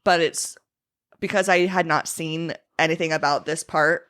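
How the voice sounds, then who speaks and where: Podcast guest, young woman, lower pitch, chatty and dramatic. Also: steady tone, moderate pace, a bit bright. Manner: chatty, dramatic asides, frequent likes. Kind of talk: casual chat.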